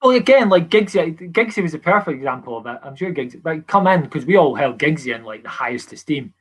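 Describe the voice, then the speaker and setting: A man's voice: a little high, animated, quick pace, breathy edge. A man with a Scottish accent, a former footballer as podcast guest, telling stories earnestly with many restarts. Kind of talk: casual podcast chat.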